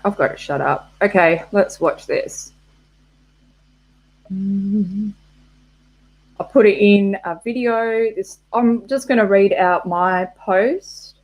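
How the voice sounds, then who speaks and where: Slow, rambling woman streamer. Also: mid-range voice, a little mellow. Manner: rambling, swearing, laughing at herself. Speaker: live-stream host. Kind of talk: casual live-stream chat. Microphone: laptop mic.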